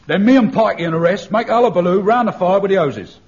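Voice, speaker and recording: An actor playing a cheeky, wisecracking private in a radio comedy. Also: male voice, high-pitched, expressive, fast talker, a little mellow. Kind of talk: radio sitcom acting. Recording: dull old radio broadcast.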